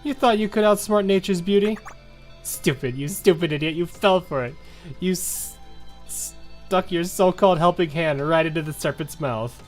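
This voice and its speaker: A man's voice: sits high, moderate pace, soft background music, pitched above the performer's own voice, close to an everyday voice. A man reading a sneering, scheming girl villain aloud, with a mocking and taunting manner. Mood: gloating.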